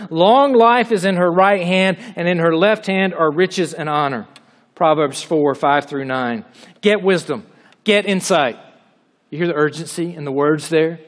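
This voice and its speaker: High-pitched guy preaching, earnest and emphatic, lots of repeating lines, echoey hall. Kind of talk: sermon.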